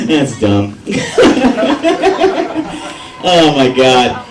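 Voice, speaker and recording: A man's voice: on the high side, big pitch swings, normal speed, heavy background noise. A young man performing a stand-up set, rambling in an agitated, self-mocking way. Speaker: stand-up comedian. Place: veterans hall at an open mic night. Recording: roomy hall recording from a distance with audience.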